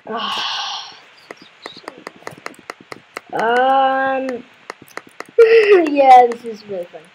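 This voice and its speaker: A woman's voice: fairly high pitch, slow, noisy background. A woman playing a video game, commenting casually and exclaiming in frustration with repeated words. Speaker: let's play gamer.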